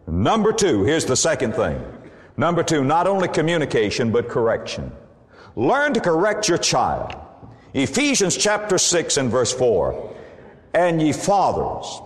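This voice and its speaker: Lively preaching man in a reverberant hall. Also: on the high side. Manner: emphatic preaching, quoting scripture. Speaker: pastor. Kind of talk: sermon.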